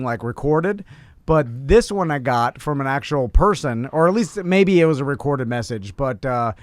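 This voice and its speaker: Smooth-voiced man telling a story. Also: mid-range voice, no room sound. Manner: animated storytelling with many fillers and restarts. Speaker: podcast co-host. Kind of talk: casual chat.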